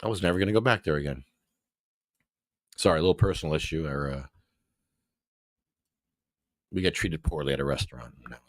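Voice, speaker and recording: A male show host in casual livestream commentary, talking back to what he reads in an animated way. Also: very deep voice, fairly quick, pauses often, no room sound, clean studio sound.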